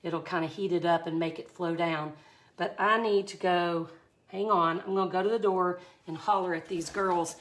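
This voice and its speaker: A woman's voice: fairly low pitch, fairly even intonation, moderate pace, fairly bright tone. Chatty Mississippi-accented woman teaching resin art. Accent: Mississippi Southern. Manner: chatty, effusive, exclaims often. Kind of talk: live art tutorial.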